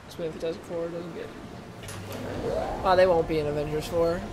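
A young gaming channel host gives casual let's-play commentary, chatting and rambling as he plays and reacts. His voice is a little high, with a level tone at normal speed, and the background is noisy.

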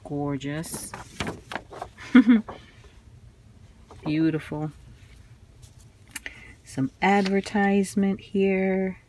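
A woman's voice: mid-range voice, very slow, pauses often, darkish tone, a little hiss or hum. A woman showing fragile old magazines in a casual vlog, exclaiming in awe and handling them carefully. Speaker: vintage craft vlogger. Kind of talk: casual show-and-tell.

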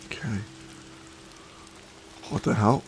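A sick man with a cracking voice giving rambling, excitable gameplay commentary, swearing often. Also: slow pace, slight background noise. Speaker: let's play gamer.

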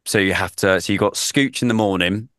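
A man's voice: fairly low pitch, a little fast, clean tone, no room sound, clean studio sound. A man, a radio presenter, chatting casually on a podcast and acting out the people in his stories. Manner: animated storyteller, acts out quotes. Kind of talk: casual chat, storytelling.

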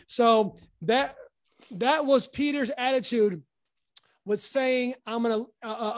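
A man teaching from the Bible in a casual podcast chat, earnest and halting with many restarts. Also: very high-pitched, dry recording. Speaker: podcast guest.

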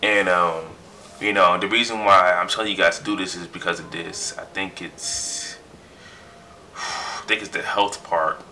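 Bright-voiced young man vlogging excitedly. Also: deep voice, measured pace, a little hiss or hum. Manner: excited, chatty, trails off while reading. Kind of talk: casual vlog, reading results aloud.

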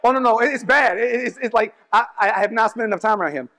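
A man with a very high voice preaches a testimony sermon in a church sanctuary. He darts through quick asides, then slows right down to lean on key lines. His voice rings out with a long reverb trail. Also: sharp tone. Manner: swings from quick asides to slow emphatic lines.

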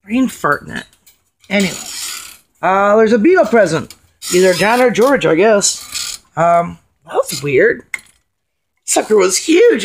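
A middle-aged woman talking at an unhurried, drawn-out pace in a casual home video. She jokes, rambles and pokes fun at herself, and now and then slips into a bluesy half-sung line. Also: medium pitch, very animated, slight background noise. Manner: jokey, rambling, self-deprecating. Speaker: amateur singer-songwriter.

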